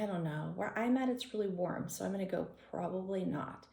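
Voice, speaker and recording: A woman reading a children's picture book aloud, chatting and counting along gently with young listeners. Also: on the low side, fairly quick, vocal fry. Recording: echoey room.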